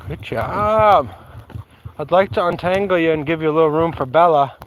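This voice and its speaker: A man's voice: fairly high pitch, moderate pace, noisy background. A man casually chatting on a livestream while walking his dogs outdoors, rambling and talking to the dogs. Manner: rambling, talks to his dogs, breaks into song. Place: outdoors on a trail.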